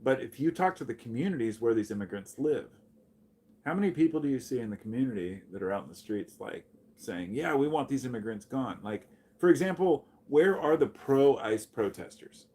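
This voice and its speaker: With a medium-pitched, breathy-edged voice at an ordinary pace, an American man reads and answers his chat during a casual livestream. The streamer is blunt and curses freely, growing animated as he welcomes chatters.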